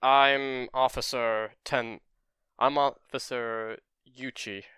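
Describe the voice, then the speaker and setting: A man's voice: mid-range voice, steady tone, slow pace, pushed and bright, smooth, dry recording, clean studio sound. A man doing a formal police officer on the phone.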